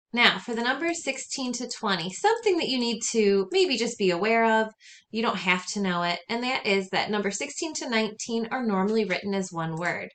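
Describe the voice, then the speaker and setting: A woman teaching a recorded lesson, speaking clearly and patiently and saying words slowly for students to repeat. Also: mid-range voice, expressive, a bit bright. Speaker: Spanish teacher.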